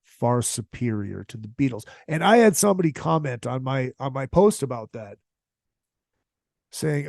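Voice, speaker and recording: Gravelly-voiced man ranting on a podcast. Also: on the high side, very animated, normal speed, darkish tone, no echo, clean studio sound. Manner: profane, opinionated, emphatic. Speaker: podcast host. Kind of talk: casual solo podcast rant.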